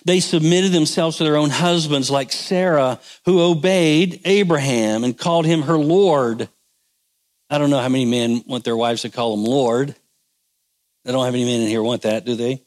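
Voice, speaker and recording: A male pastor giving a folksy, conversational sermon on marriage, asking the congregation for responses. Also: medium pitch.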